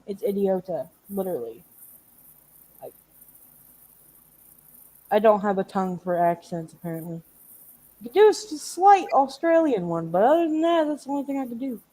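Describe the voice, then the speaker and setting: A woman's voice: medium pitch, lively intonation, normal speed, pauses often, a little mellow. A woman hosts a loose live panel chat in her middle-range voice. She rambles, restarts her sentences and swears offhandedly. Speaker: host. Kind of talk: casual chat.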